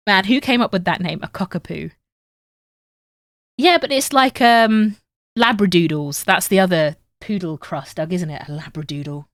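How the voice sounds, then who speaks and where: A young woman with a northern English accent chats casually with viewers on her sewing livestream, reading chat aloud as she sews. Her voice is on the low side, her pace moderate, with no echo.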